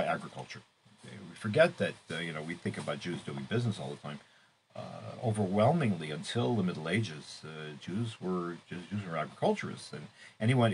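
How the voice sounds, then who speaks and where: A middle-aged man living in Israel, teaching a weekly Torah class in an unscripted, halting way, with many restarts and fillers and sudden emphatic rises. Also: on the low side, slight background noise.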